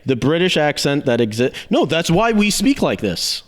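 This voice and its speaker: A man's voice: fairly high pitch, sing-song, normal speed. Young man in casual podcast chat. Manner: rambling, laughs often, swears casually. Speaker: podcast host. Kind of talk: casual movie review chat.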